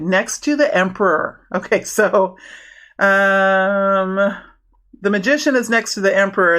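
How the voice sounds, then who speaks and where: Woman doing a rambly tarot reading, lots of ums and restarts, mid pitch. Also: fairly bright tone. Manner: chatty, rambling, with many restarts and fillers. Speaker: tarot reader. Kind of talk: casual tarot reading to camera.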